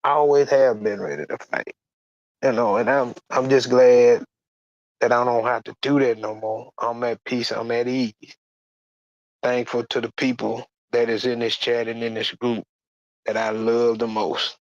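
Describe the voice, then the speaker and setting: Man, personal testimony, halting and plain-spoken, mid-pitched voice, dry muffled recording. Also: creaky, a little mellow, dry recording. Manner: halting, plain-spoken, repeats words and restarts. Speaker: guest sharing a church testimony.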